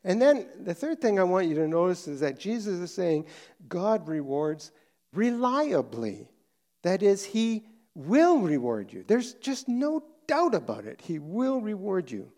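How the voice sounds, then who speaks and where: A middle-aged man preaching a sermon earnestly and emphatically, then dropping to a quiet, soft tone for prayer. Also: high-pitched. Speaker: pastor.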